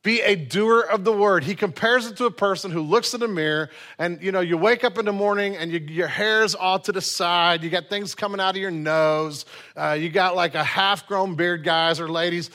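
A male pastor delivers a sermon in an earnest way, circling back to repeat key phrases. His voice sits a little high and sounds bright and forceful. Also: normal speed.

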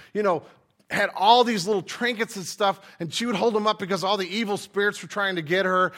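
Bright-voiced man preaching casually. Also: high-pitched. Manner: casual, chatty preaching with frequent fillers. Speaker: pastor. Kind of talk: sermon.

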